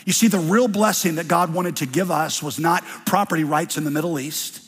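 Husky pastor in a reverberant hall. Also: male voice, on the high side, brisk, fairly bright tone. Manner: conversational, wry storytelling. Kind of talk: sermon.

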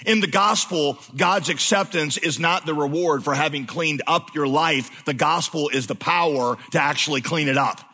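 A man preaching a sermon in a church, dropping to a slow hush for emphasis, then rising to loud exclamations. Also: fairly high pitch, breathy edge. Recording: long hall reverb.

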